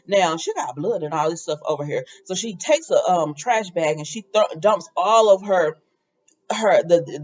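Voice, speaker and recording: A woman hosting a casual soap opera recap, chatty and animated, with laughing asides. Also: fairly low pitch, highs cut off.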